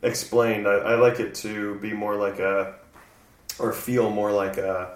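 Laid-back comedian, low voice, echoey room. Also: male voice, a little slow. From American South. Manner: relaxed, rambling, laughs often. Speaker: guest comedian. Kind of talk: casual podcast conversation. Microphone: far from mic. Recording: echoey room, distant mic.

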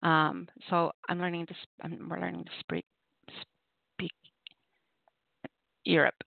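The host of an open mic poetry radio show offers poetry prompts in casual, rambling chat, laughing often. Her voice is fairly low with vocal fry, delivered flatly at a measured pace. The recording is dry and comes through a tinny call-in phone line.

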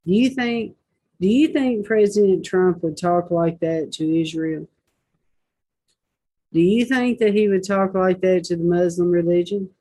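A woman's voice: lowish voice, measured pace, warm tone. A woman hosting a Christian talk show, reading posts aloud and commenting with indignant rhetorical questions.

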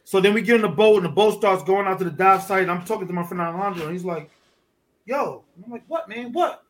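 A man's voice: high voice, fairly even intonation, rapid-fire. A man from Detroit, a podcast guest, telling stories in casual, profane street talk and acting out the dialogue. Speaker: podcast guest, underwater photographer. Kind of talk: casual storytelling chat.

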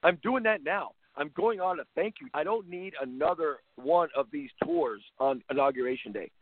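Speaking at a normal pace in a somewhat high, slightly rough voice, this man hosts a talk show in the role of a basketball coach. His talk-radio rant is blunt, sarcastic, opinionated and full of repetition, with dry phone-line audio and no room sound.

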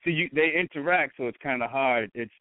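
A man with a Boston accent, a guest chatting casually in an interview, relaxed and rambling with frequent restarts. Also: mid-range voice, fairly quick, no echo. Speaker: guest, radio show host. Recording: tinny phone-like line.

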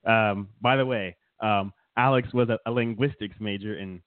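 A man's voice: on the low side, fairly even intonation, moderate pace, dry recording. A man co-hosting a casual comedic chat show, rambling and teasing his co-host with frequent chuckles. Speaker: podcast co-host. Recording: dry, tinny phone-like sound.

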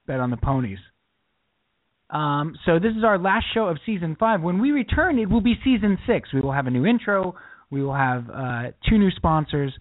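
A man's voice: a little high, no room sound. A man co-hosting a casual sports talk podcast, using a mock radio-announcer delivery and poking fun at himself. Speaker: podcast co-host. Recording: tinny phone-like line, faint music.

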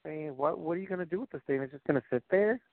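A man hosts a casual wrestling and sports chat podcast, rambling and joking with lots of filler words. His voice is on the high side and rapid-fire, and the dry recording sounds tinny, like a phone.

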